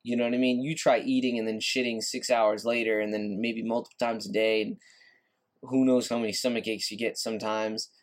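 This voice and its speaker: A man's voice: on the low side, flat delivery, brisk. A man hosting a solo podcast, ranting in a frustrated, repetitive way and swearing casually. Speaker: podcast host.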